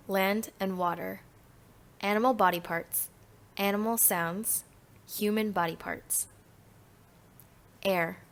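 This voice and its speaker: Very slow, careful woman reading words. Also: medium pitch, gravelly, fairly bright tone. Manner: slow, careful, one word at a time with pauses. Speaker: flashcard pronunciation reader. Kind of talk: reading single words for young learners.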